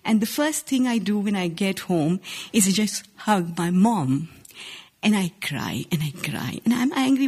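A woman in her forties with an Indian accent tells a first-person story on stage. Her voice is husky and breathy, sitting at an ordinary middle pitch. She speaks in an earnest, measured way, now and then restarting a word. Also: lively intonation, darkish tone. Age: 40s. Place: stage before a live audience.

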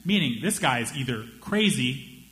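A young man doing stand-up, telling a story in an animated way and slipping into the voices of the people in it. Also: mid-range voice, normal speed. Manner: animated, acts out voices of friends and strangers. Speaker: stand-up comedian.

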